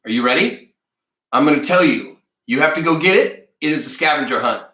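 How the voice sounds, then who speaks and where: A man teaching a live-streamed read-aloud lesson, chatty and energetic as he talks to the viewers in the chat. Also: fairly high pitch, fairly quick, reverberant. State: a little out of breath.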